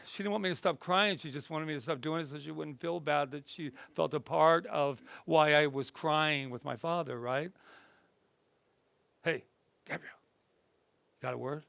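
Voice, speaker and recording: A male minister with a slightly high voice leads a group workshop. He talks in a lively, conversational way, then eases into slow, gentle guidance. The sound is close and dry, with little room echo. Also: creaky. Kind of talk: workshop talk and guided meditation. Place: indoor group session room.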